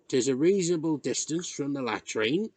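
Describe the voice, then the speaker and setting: Man reading as a gruff old country fellow, curt and terse, rural dialect, storybook voice, husky edge, dry close sound. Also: a little high, lively intonation, moderate pace, darkish tone, no echo.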